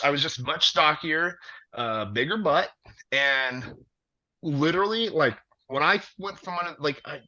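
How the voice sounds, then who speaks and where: Bright-voiced man telling a wrestling story. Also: fairly high pitch. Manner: animated, profane storyteller full of fillers. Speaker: wrestler guest. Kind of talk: casual storytelling interview. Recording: dull lo-fi audio.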